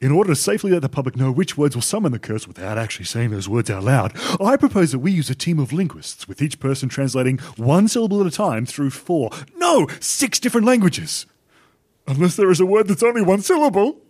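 A man's voice: on the high side, a little fast, slightly rough. A man playing a paranoid male tabloid reporter in a comedy sketch who mishears everything and leaps to wild conclusions. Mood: panicked. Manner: excitable, leaps to wild conclusions, gasps and shrieks.

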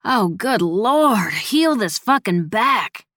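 A woman's voice: medium pitch, big pitch swings, slow pace, a bit bright, dry recording, studio quality, pitched above the performer's own voice, heavily acted. Woman voicing a grumbling old grandmother. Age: older. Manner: drawling, grumbling, sarcastic. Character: tired sharp-tongued old grandmother. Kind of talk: storybook character voice.

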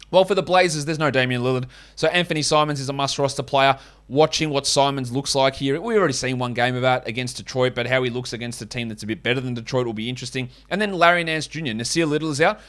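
A man with an Australian accent hosting a solo sports podcast in a casual, blunt, opinionated way, swearing now and then. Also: a little high. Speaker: fantasy basketball podcast host.

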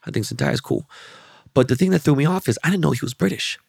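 A man's voice: fairly high pitch, expressive, quick pace, gravelly, darkish tone, husky, no echo, studio quality. A man hosting a podcast, telling rambling, profanity-laced stories in a loose, casual monologue. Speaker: podcast host.

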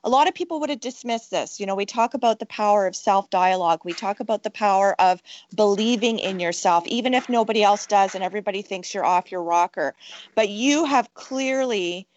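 A woman's voice: mid-range voice, a little fast, no room sound. A woman hosting a podcast interview, effusive and uplifting, speaking in long wordy sentences. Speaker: podcast host. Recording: dry, dull lo-fi audio.

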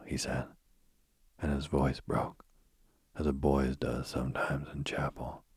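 A man reading a spooky bedtime story in a soft, slow, husky whisper, close to the mic. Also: a bass voice, flat delivery, dry recording.

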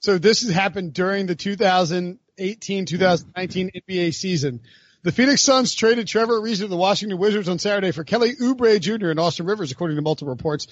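A man co-hosting a sports podcast in casual banter, jokey and animated. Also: high-pitched, quick pace, no echo. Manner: jokey, animated, slips into silly voices. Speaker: podcast co-host. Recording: dull, lo-fi, dry studio sound.

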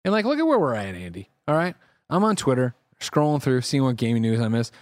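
A brash male host talking fast and teasing his co-hosts, with a crisp, dry sound close to the mic. He swears freely on a casual gaming news show. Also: medium pitch, very animated, dry recording. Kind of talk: casual podcast banter.

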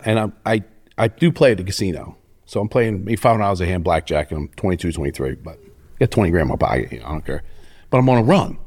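A middle-aged man telling stories in a fairly low voice that swings up and down a lot. He swears freely and brags. His delivery is loose and conversational. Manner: profane, cocky, animated storyteller. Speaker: interview guest. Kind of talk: casual storytelling.

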